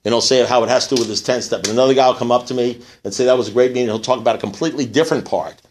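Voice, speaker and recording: A man speaking at a recovery meeting, telling a long joke and acting out the characters in a rising, excited voice. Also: mid-range voice, very fast. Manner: animated storyteller, acts out characters in rising voice.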